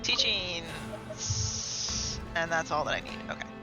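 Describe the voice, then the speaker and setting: Man streaming live, high voice, very animated, game music clearly underneath. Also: takes it slowly, rough recording. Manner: rambling, chatty, talks to himself and to chat. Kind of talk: casual live gameplay chat.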